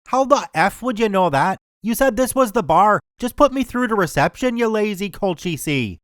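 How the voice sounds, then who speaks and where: A man's voice: high-pitched, lively intonation, normal speed, fairly bright tone, dry recording, clean studio sound, voice pushed up. A man voicing a drunk, foul-mouthed Belfast man on the phone, slurred and belligerent, in an attempted Belfast accent. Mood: abusive.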